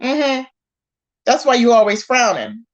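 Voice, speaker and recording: A woman, hosting a live stream, commenting casually in an animated and exasperated way as she acts out quoted lines. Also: on the high side, measured pace, muffled recording.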